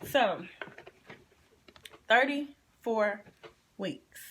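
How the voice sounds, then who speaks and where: A woman's voice: on the high side, slight background noise. A woman, chatting casually in a pregnancy update and eating vlog, her nose stuffy and running. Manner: chatty and expressive, drawn-out repetitions. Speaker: vlogger.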